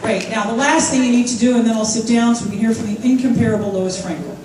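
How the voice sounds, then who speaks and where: A woman in her fifties giving an energetic, joking conference speech, rousing the crowd with call-and-response. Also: on the high side, fast talker, very noisy. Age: 50s. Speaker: conference speaker. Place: large conference hall. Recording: echoey hall from far off, faint crowd.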